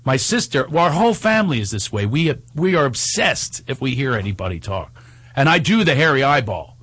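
Husky, animated man ranting. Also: mid-range voice, a little fast, dry recording. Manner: animated storytelling with frequent laughs; exasperated ranting. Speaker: podcast co-host. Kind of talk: casual chat.

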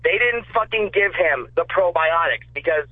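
A male caller tells his story over a tinny, narrow phone line, loose and profane in his delivery. His voice sits a little high for a man and sounds dry and close despite the thin line. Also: lively intonation, normal speed, slightly rough, dry recording. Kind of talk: casual call-in story.

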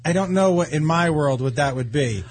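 A talk show host chatting casually, teasing the guest and firing off quick questions. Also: medium pitch, expressive, husky.

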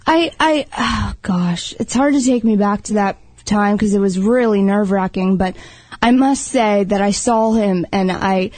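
A woman in casual talk, telling a lively story and calling her partner babe. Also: medium pitch, unhurried, dry recording, low-quality recording. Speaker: guest. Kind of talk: casual chat.

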